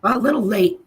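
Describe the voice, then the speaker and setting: She hosts a casual livestream in a low, somewhat bright voice, reading comments and answering each viewer by name with blunt anger and free swearing.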